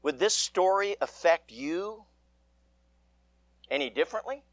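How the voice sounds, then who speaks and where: A man reading the gospel aloud and preaching a sermon in church, measured and with dramatic emphasis. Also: sits high, animated, no room sound. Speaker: pastor.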